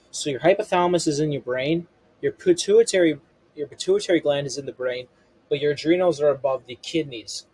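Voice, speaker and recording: A man with a voice pitched a little above the usual male range runs through a health lesson. His tone is husky rather than clean. He keeps checking in with "okay" and "you know" as he walks through each point. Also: a little mellow, low-quality recording. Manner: repeats "okay" and "you know" as fillers, explains step by step. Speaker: functional health coach. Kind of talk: explanatory health lesson to camera.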